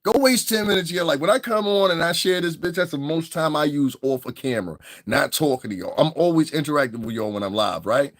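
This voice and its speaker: A man's voice: on the high side, lively intonation, quick pace, hardly any pauses, no echo, studio quality. Profane laughing man with Northeastern accent. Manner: profane, laughing, mocks voices. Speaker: online commentator. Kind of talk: livestream commentary rant.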